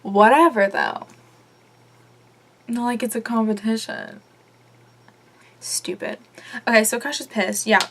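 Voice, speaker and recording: A woman's voice: a little high, huge pitch swings, moderate pace, long pauses. Chatty opinionated young woman vlogger. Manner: chatty and opinionated, lots of fillers and swearing. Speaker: vlogger reviewing a TV episode. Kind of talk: casual chat.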